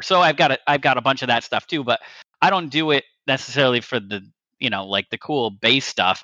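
A man's voice: medium pitch, bright, forceful tone, no room sound. Swearing podcast co-host man, lo-fi sound. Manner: loose and chatty, swears casually. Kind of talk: casual podcast chat. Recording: dull lo-fi mic.

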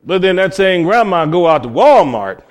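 A man from Cleveland, Ohio, preaching a sermon with folksy stories, swinging between loud cries and low murmurs. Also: sing-song, normal speed. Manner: folksy storytelling.

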